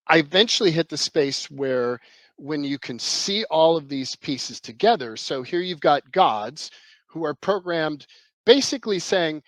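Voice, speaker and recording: A man's voice: fairly high pitch, animated, unhurried, a bit bright, dry recording, low-quality recording. A man explaining his ideas as a podcast guest, in a rambling, emphatic way with many restarts. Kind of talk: conversational explanation.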